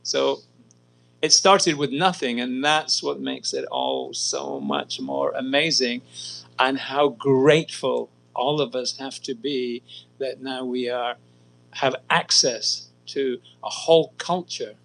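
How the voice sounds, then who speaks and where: A man's voice: mid-range voice, sing-song, slow, vocal fry, fairly bright tone, rough recording. A man giving a devotional talk in a temple, telling an anecdote and repeating "he said" as he quotes people. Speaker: guest speaker. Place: temple hall.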